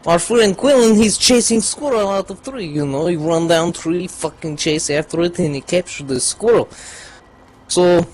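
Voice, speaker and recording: A man's voice: high-pitched, moderate pace, darkish tone, slight background noise, lightly acted. A man doing a put-on Russian accent as a crude young storyteller, telling a rambling comic tale in broken English with lots of swearing. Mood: deadpan. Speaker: gaming group regular.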